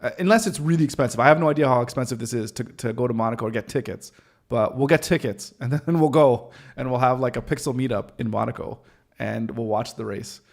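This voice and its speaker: Man, livestream host, casual rambling chat, gravelly voice, self-deprecating jokes, lots of fillers. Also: mid-range voice, fast talker. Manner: rambling, full of fillers and restarts.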